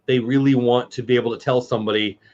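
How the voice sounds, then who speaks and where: A man co-hosting a casual watch-party chat, telling blunt, animated work stories. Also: mid-range voice, fast. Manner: blunt, animated storytelling with quoted voices. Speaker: co-host. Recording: dull lo-fi sound.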